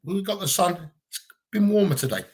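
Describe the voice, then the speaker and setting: A man's voice: sits high, lively intonation, fairly quick, a little mellow, breathy edge. A man with a Gibraltarian accent, chatting bluntly and casually on a livestream Q&A from home, swearing freely. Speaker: livestream co-host.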